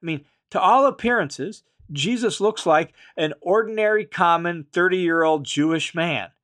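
At a measured pace and with a fairly bright tone, a Bible teacher with a slightly elevated male voice moves through scripture verse by verse. Each idea is patiently explained and then restated in plainer language, while he hits the crucial phrases hard.

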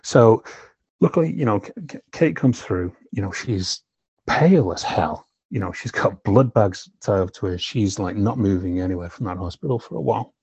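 A man's voice: fairly low pitch, animated, normal speed, darkish tone, slightly rough, dry recording. A filmmaker guest telling his own story candidly and emotionally, swearing often and leaning on "you know". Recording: slightly dull lo-fi recording.

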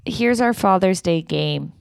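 A young woman chats casually and teases her co-host. Her voice sits a little low for a woman. The recording is dry and close. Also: lively intonation, a little slow, creaky, clean tone, no echo. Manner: playful, teasing. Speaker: podcast co-host, daughter. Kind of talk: casual chat.

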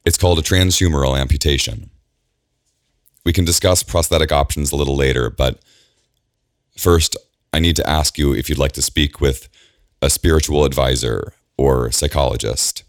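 A man voicing a calm woman doctor who talks quickly and matter-of-factly. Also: extremely low pitch, dry recording, clean studio sound. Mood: gently clinical. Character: brisk calm female doctor.

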